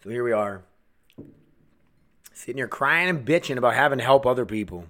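A man hosting a solo podcast, ranting angrily with constant swearing, swinging between shouted outbursts and low mutters. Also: lively intonation, brisk, long pauses. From United States. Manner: angry, swearing constantly, heated. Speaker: podcast host.

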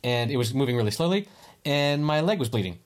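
A man co-hosting a casual podcast, spinning a rambling travel story. He keeps restarting his sentences. His voice sits at a middling pitch. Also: animated, fast talker. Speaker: podcast co-host. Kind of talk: casual chat. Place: lives in Spain.

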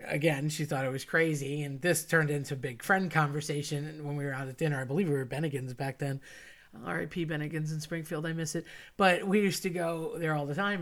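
A woman casually telling a funny personal story, chatty and animated, quoting friends and family in dialogue. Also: sits low, brisk. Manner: chatty and animated, quotes others in dialogue, laughs at herself.

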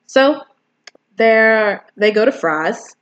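A woman's voice: a little high, expressive, extremely slow, a bit bright, dull audio. A woman casually retelling and reviewing a film, rambling with lots of fillers.

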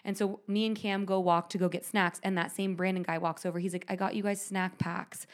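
Fast-talking woman telling a story. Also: medium pitch. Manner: animated, quick, many "like" fillers. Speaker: podcast co-host. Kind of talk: casual storytelling chat.

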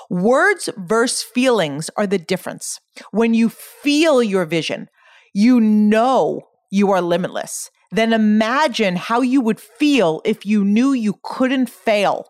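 A woman's voice: a little high, no room sound, clean studio sound. A woman hosting a motivational podcast, talking earnestly and emphatically and firing off many rhetorical questions. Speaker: podcast host.

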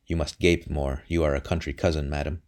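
A man reading the part of a calm, quietly humorous Elizabethan priest in disguise in an audiobook. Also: a bass voice, brisk.

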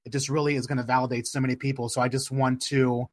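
A man hosting a podcast interview, speaking in a supportive, reassuring, measured way. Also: mid-range voice, flat delivery, no room sound. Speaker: podcast host.

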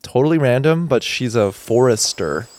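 A man co-hosting a podcast in casual chat, laid-back and quick to laugh. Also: mid-range voice, lively intonation, a little mellow. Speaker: podcast co-host.

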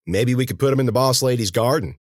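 A man's voice: medium pitch, fast talker, dry recording, studio quality, voice pushed up, close to an everyday voice. A man voicing a jittery, wisecracking male henchman. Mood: jumpy.

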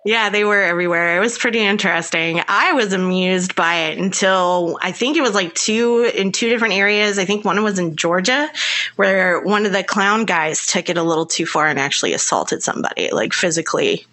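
Bright-voiced woman chatting casually. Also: medium pitch, brisk, no echo. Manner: rambling, playful, lots of "like". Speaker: podcast co-host. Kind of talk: casual chat.

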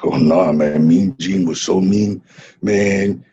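A man playing a husky, laid-back ex-wrestler. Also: sits low, steady tone, takes it slowly, warm tone, lo-fi sound, heavily acted. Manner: laid-back, drawling, says "man" constantly. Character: laid-back Mexican ex-wrestler man who hatched from an egg. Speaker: interview guest. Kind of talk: improvised comedy interview.

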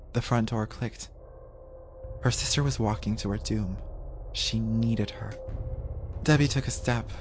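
A man narrating a horror audio drama in a measured, even storytelling voice. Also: mid-range voice. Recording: music playing under the voice.

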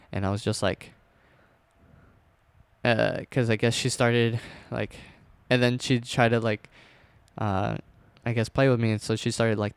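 A young man casually telling a scary personal story, rambling with fillers and restarts, dropping to a hush at tense moments. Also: fairly low pitch, clean tone, dry recording.

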